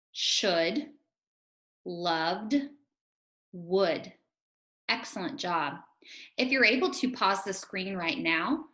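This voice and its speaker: A woman teacher leads young children through a phonics lesson, her voice bright and clear. She speaks slowly and encouragingly, sounding out each letter. The recording carries a roomy echo. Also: medium pitch.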